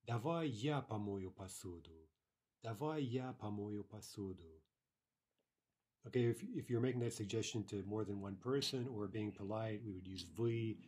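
A language teacher with a low, mellow, slightly husky voice leads a grammar lesson. He patiently explains each rule and reads every example aloud more than once.

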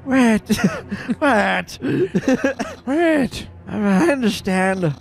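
A man voicing an excitable male skeleton guard, shrill, stammering and out of breath as he reports. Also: drawn-out words, vocal fry, soft background music, heavily acted. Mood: flustered.

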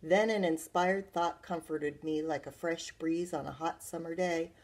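A woman's voice: low voice, fairly even intonation, a little slow, a little mellow. A librarian reading a picture book aloud to children, adding chatty asides to her listeners.

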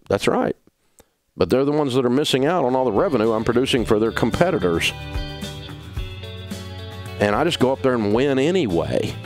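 A Southern-accented radio host ranting with blunt, preachy conviction. His pitch jumps around a lot, and his voice sits dry and close to the studio mic. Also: dry recording. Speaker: radio talk show host. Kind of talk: passionate on-air advice rant.

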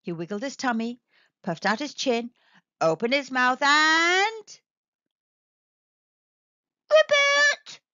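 A woman narrates a children's picture book with a bright, animated voice that rises and falls. Her storytelling is expressive and aimed at young listeners. The recording is dry and a touch muffled. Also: fairly high pitch, moderate pace, dry recording. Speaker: storybook reader. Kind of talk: children's read-aloud narration. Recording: dry, slightly dull recording.

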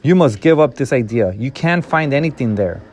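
A man reading the lines of a weary, gentle woman guide in a calm, explaining way. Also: medium pitch, moderate pace, a little hiss or hum, natural voice.

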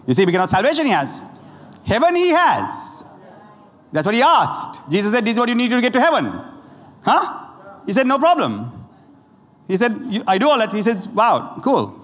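Sri lankan guy preaching, high-ish voice, laughs a lot, big echoey church hall. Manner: animated, laughing often, asides to the audience. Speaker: pastor. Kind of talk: lively conversational sermon. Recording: roomy church hall with faint ambience.

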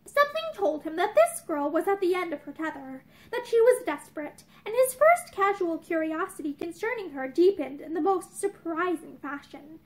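A young woman reading a novel aloud to camera, with measured storytelling and dramatic emphasis. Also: very high-pitched, sing-song. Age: young adult. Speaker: narrator. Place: indoors, room with bookshelves.

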